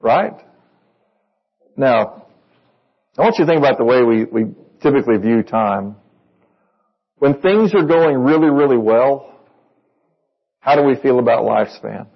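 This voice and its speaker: A man's voice: medium pitch, lively intonation, measured pace, vocal fry, pauses often, slightly rough, lo-fi sound. A man preaching a sermon to a congregation in a conversational way, reading verses and asking them questions. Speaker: pastor.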